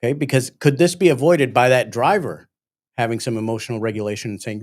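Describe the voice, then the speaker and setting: On a livestream, a man who trains police officers talks earnestly about emotional regulation. He speaks quickly in a mid-range voice.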